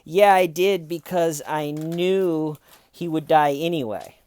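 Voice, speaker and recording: A woman's voice: low voice, takes it slowly, a little mellow, clean tone, no echo, voice pushed up. A man voicing a young woman who rambles and trails off on an emergency call. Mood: flat.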